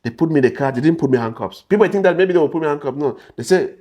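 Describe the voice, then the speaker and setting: His voice a little high, warm, and expressive, a Cameroonian man talks very fast in Cameroonian-accented English as an interview guest. He tells his story in an animated way, acting out those he quotes by raising and lowering his voice.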